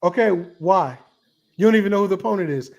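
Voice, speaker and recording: A man's voice: sits high, animated, fast, dull audio. A man co-hosting a sports talk show, skeptically challenging the host's claims. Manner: skeptical, pushing back. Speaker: co-host. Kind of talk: heated sports debate.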